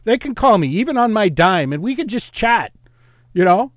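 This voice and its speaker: A man's voice: sits high, very animated, normal speed, dry recording. A man from East Los Angeles hosting a call-in talk radio show, rambling and jumping between topics.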